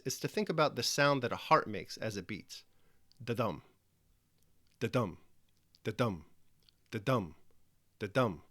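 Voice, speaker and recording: A man narrating a scripted lesson clearly, explaining step by step with dry little asides. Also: mid-range voice, sharp tone, dry recording. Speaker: teacher.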